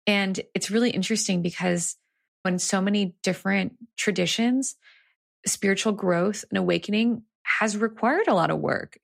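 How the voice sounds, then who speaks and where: Earnest woman with a gravelly voice. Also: mid-range voice, normal speed, no room sound, studio quality. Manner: reflective, earnest storyteller. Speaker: guest, executive coach and author. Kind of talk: conversational interview storytelling.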